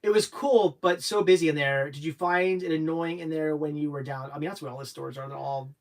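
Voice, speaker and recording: A middle-aged man hosts a relaxed livestream chat, his voice sitting a little higher than most. He rambles through stories with restarts and breaks into laughter often. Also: a little fast. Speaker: livestream host. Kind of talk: casual chat.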